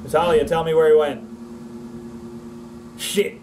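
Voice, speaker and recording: A man's voice: a little high, fairly even intonation, measured pace, background noise. A man streaming a horror game, swearing and jumpy while he talks to his companion through a desk mic. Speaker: gameplay streamer. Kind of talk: let's play commentary. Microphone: desk mic with face cam.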